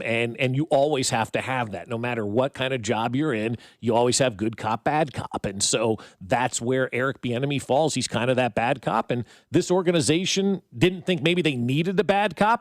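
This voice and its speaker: A man's voice: mid-range voice, no echo, studio quality. A man co-hosting a sports talk radio show, laying out his opinion in long, reasoned stretches. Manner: agreeable, explains in long reasoning runs. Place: radio studio. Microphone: studio microphone.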